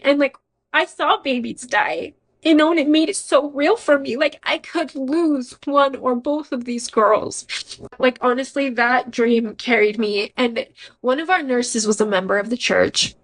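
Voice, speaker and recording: A woman's voice: high voice, a little slow, low-quality recording. A young adult woman, a podcast guest, giving a personal faith testimony in an earnest, emotional, conversational way with frequent "like" fillers.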